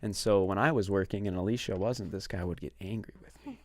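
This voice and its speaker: A man chatting casually on a podcast, telling animated stories about old customers. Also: low-pitched, brisk. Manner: animated storyteller who acts out customers in voices. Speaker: podcast guest or co-host. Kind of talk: casual storytelling chat.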